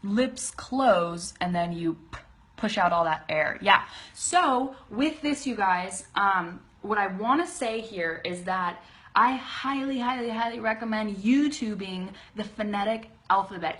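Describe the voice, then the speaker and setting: A woman teaching an English pronunciation lesson on a live stream, chatty and upbeat, greeting viewers and slowly modeling words to repeat. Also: medium pitch, fairly bright tone. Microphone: webcam close-up.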